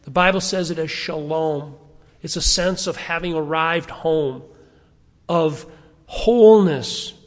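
A middle-aged pastor with a fairly high voice preaches slowly to a congregation, asking them questions and having them turn to verses. Long hall reverb colors the recording.

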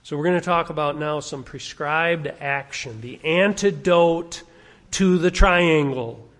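A man's voice: a little high, a little slow, fairly bright tone. A man preaching a sermon as pastor, speaking emphatically and stacking rhetorical questions. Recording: long reverb of a large hall.

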